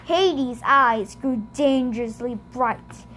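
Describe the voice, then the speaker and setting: A woman reading a novel aloud in measured first-person narration. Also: fairly high pitch, a bit bright, slight background noise. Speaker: reader.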